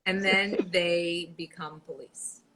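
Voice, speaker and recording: A woman's voice: fairly low pitch, steady tone, slow pace, background noise. A woman co-hosting a casual chat show who drops dry, wisecracking asides. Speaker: podcast co-host.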